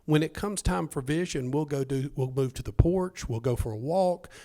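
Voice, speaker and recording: Excitable joking man on a panel. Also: a little high, normal speed. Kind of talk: casual panel talk.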